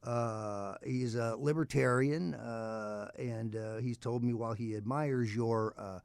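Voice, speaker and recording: A male talk radio host introduces his guests and asks long, winding questions, stalling often on uh's. His mid-pitched voice is recorded close and dry, with no room sound. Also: steady tone, creaky, a little mellow, smooth, dry recording. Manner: halting, full of uh's, with grand introductions.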